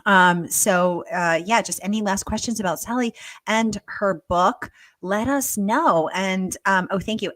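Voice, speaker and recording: Chatty American woman host, bright tone, laughs a lot while relaying comments. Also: mid-range voice, a little slow, no room sound. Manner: chatty, reads audience comments aloud, laughs often. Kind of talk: live online book interview.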